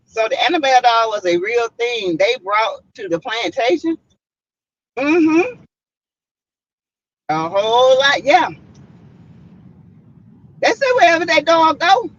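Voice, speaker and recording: This livestream host speaks in a high, expressive, fairly bright voice, a little slow and pausing often. She's a Southern US woman, chatty and casual, full of "mm-mm" and "y'all" asides to viewers, captured in slightly muffled lo-fi audio.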